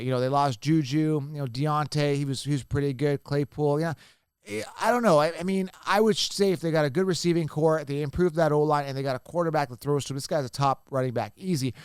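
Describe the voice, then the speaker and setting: Smooth-voiced animated man talking fantasy football. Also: fairly high pitch, no room sound, studio quality. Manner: animated, repeats points, addresses viewers as guys. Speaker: fantasy football podcast host. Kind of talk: casual solo commentary.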